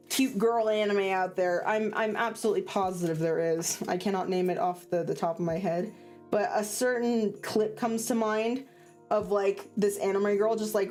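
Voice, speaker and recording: A woman streamer chatting casually on a livestream, rambling and laughing often. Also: mid-range voice. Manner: animated, giggly and rambling.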